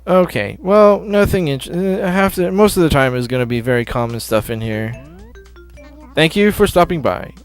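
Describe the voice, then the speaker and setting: A man's voice: a little high, normal speed. A man giving casual, offhand commentary on a video game demo, often correcting himself mid-sentence. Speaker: gameplay commentator. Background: faint game music.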